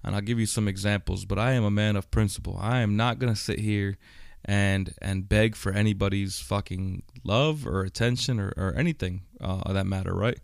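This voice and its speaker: A man's voice: on the low side, fairly even intonation, brisk, gravelly, clean tone, dry recording, studio quality. A man hosting a personal podcast monologue, talking bluntly with heavy swearing, many fillers and a recurring "right?". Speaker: podcast host. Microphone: studio microphone.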